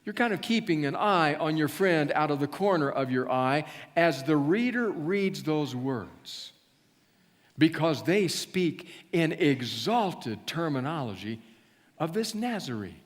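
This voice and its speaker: A male pastor preaching a storytelling sermon, speaking to listeners as you and slowing down for emphasis. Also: on the high side. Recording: long church reverb.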